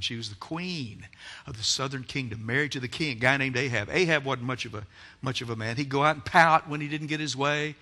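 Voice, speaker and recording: A man preaching a sermon in a church, telling a story dramatically, acting out characters and swinging from loud to soft. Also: fairly high pitch.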